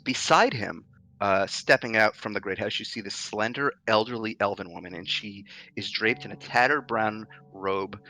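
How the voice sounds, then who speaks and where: A man's voice: fairly low pitch, normal speed, sharp tone, rough recording. A man narrating as game master of a tabletop game, describing the scene in detail with frequent fillers.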